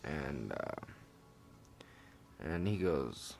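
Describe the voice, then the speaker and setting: A young man with a very low voice tells a story from his own life in a loose, rambling way. He peppers it with fillers and swearing, and faint music plays behind him. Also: lively intonation, moderate pace, pauses often. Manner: rambling, profane, laid-back with many fillers. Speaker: vlogger. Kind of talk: casual storytelling.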